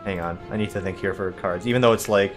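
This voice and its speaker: A young man talks casually over a card game he is playing, drifting into a story about people criticizing his diet. He tells it with animated swings in pitch and puts on exaggerated voices for the people he quotes. Soft music plays faintly underneath. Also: fast talker. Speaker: gaming video host. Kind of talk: casual commentary over gameplay.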